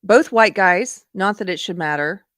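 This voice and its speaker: A woman's voice: medium pitch, expressive, moderate pace, a bit bright, no echo, studio quality. A woman hosting a live stream who chats casually, laughs often and reads chat comments aloud. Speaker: livestream host.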